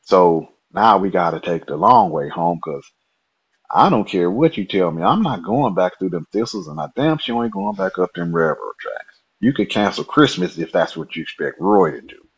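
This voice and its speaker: A man guest telling a personal story in a lively, colloquial way. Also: sits low, moderate pace, vocal fry, slightly rough, dull audio.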